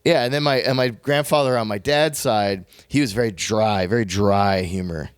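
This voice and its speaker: A man's voice: fairly low pitch, smooth, no room sound, studio quality. Rambling, laughing man on a podcast. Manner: rambling, self-deprecating, quick to laugh. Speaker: podcast co-host. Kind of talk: casual podcast chat.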